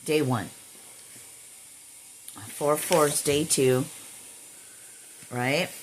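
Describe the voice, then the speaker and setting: A woman's voice: sits low, fairly even intonation, very slow, a little hiss or hum, rough recording. A middle-aged woman talking casually into her phone camera, blunt and given to swearing, audibly irritated. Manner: blunt, swears freely, talks to herself. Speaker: vlogger. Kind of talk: casual vlog.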